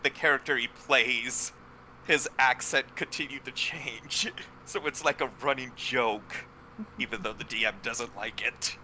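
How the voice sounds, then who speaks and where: A man's voice: mid-range voice, measured pace, bright, forceful tone, slight background noise, rough recording. Rambling, jokey young man hosting a playthrough. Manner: rambling, jokey, swears freely. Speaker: let's play host. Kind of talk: casual chat over gameplay.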